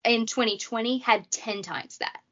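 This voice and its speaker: A woman's voice: a little high, moderate pace, a bit bright. A woman hosting a casual true crime podcast, chatty and jokey, with asides. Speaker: podcast host. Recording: dull lo-fi audio.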